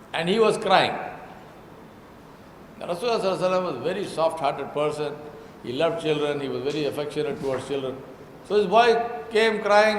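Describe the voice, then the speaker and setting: A man giving a religious talk to an audience, telling stories and often asking rhetorical questions. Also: fairly high pitch. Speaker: Islamic speaker. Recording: echoey hall with faint background noise.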